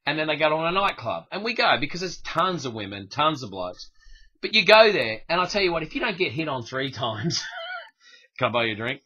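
A man's voice: a little high, big pitch swings, moderate pace, sharp tone, breathy edge, highs cut off. A man in casual podcast chat, cutting in with jokes and quips. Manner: joking, cuts in with quips. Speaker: podcast co-host.

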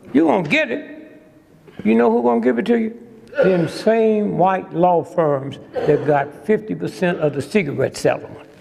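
An older man with a slightly high, somewhat mellow voice and vocal fry gives a humorous lecture to a live audience. Sly and teasing, he keeps prodding the crowd with "hmm?" while a long hall reverb trails his words.

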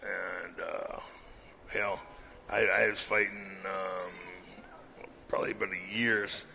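A middle-aged man, a veteran fighter, talking in a laid-back, halting way with lots of fillers. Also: deep voice, little pitch movement, pushed and bright, a little hiss or hum. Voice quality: gravelly. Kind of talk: casual chat.

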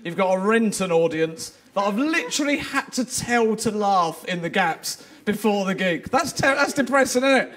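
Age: adult. Sex: man. Pitch: very high for a man. Style: crude, self-mocking stand-up. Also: expressive, moderate pace, hardly any pauses, a bit bright. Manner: crude, self-deprecating banter. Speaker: stand-up comedian. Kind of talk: stand-up set with crowd work. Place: live comedy venue with audience.

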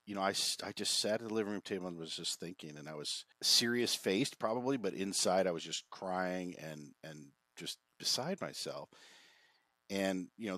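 A man's voice: low-pitched, a bit bright, dry recording. A man as a podcast guest, telling a personal story in a reflective, rambling way with many restarts, over a video call. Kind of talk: casual conversational storytelling.

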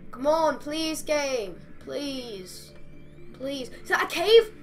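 A woman's voice: high voice, animated, slow pace, soft background music. A woman commenting as she plays a game, chatty and exasperated, talking to the creatures on screen. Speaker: gamer. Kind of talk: playing commentary.

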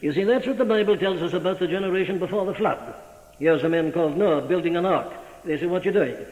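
A man's voice: high voice, fast, darkish tone. Male preacher, emphatic pulpit style, long church reverb on a dull old recording. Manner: emphatic, rhetorical questions to the listener. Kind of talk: sermon.

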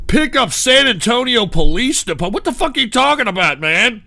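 High gravelly man ranting angrily. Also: big pitch swings, normal speed, few pauses. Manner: angry profane ranting, yelling at callers and chat. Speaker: radio show host and streamer. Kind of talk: call-in radio show rant.

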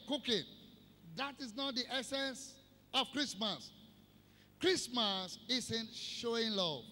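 A man preaching a Christmas sermon, slow and emphatic, repeating key phrases for the congregation. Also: very high voice, bright, forceful tone. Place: church service hall. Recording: long hall reverb.

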